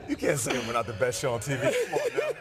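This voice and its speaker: A man's voice: mid-range voice, wildly swooping pitch, quick pace, heavy background noise. A man co-hosting a morning sports show, joking and riffing with the others. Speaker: host.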